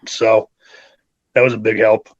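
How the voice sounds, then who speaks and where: A man's voice: on the low side, level tone, unhurried, muffled recording. A man in his thirties from New York, a wrestler guest talking casually in an interview, rambling and enthusiastic with many fillers.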